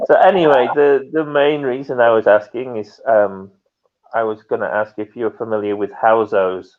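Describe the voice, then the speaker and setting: Friendly chat show host, mid-pitched man. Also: fairly even intonation, unhurried, narrow, tinny audio. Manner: friendly, laughs often. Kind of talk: casual online chat.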